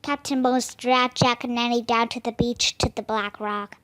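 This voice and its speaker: A woman reading a children's book aloud, careful and deliberate. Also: fairly high pitch, steady tone, fairly bright tone. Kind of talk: storybook read-aloud.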